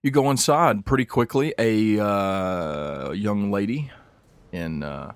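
A man acting as game master, explaining rules and narrating scenes in a relaxed way. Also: on the low side, slow pace, clean tone. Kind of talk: running a tabletop game.

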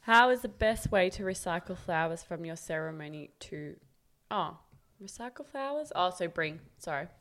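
A woman's voice: on the low side, steady tone, normal speed, fairly bright tone. A woman co-hosting a casual podcast, reading listener questions and telling chatty anecdotes. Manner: chatty storyteller, laughs through anecdotes. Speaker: podcast co-host.

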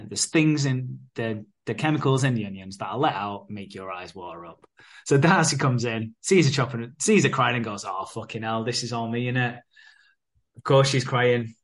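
A man, casually recapping a soap episode as podcast co-host and acting out the characters' lines. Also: mid-range voice. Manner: laid-back, sweary, acts out characters' lines.

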